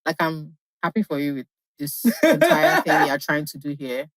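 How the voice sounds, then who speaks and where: A woman's voice: low-pitched, sing-song, normal speed, no echo. A woman chatting casually on a podcast, telling a story about herself and mocking her own behavior. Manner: reflective, self-mocking storytelling. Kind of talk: casual chat.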